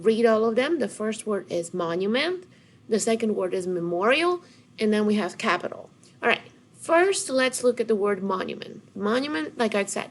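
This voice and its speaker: A woman teacher giving a recorded lesson to children, speaking patiently and encouragingly straight to her students. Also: medium pitch.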